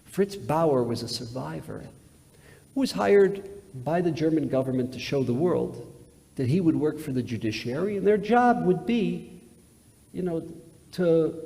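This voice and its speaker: A man's voice: on the high side, animated, unhurried, creaky, long pauses, mellow. A male rabbi giving a sermon-style lecture in a synagogue, telling a story emphatically with repetitions and sudden swings in volume. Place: large synagogue sanctuary. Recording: reverberant hall, live webcast.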